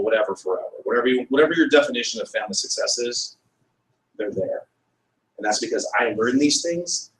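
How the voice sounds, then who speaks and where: A man's voice: medium pitch, fairly bright tone. A man giving an earnest, upbeat motivational talk to a live audience. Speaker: speaker at a group meeting. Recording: echoey room, distant mic.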